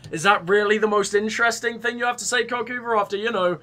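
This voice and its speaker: A man's voice: high-pitched, fairly even intonation, fast, bright, forceful tone. A young man riffing sarcastically and crudely while commentating his gameplay. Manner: sarcastic, rambling, crude jokes. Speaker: let's play host.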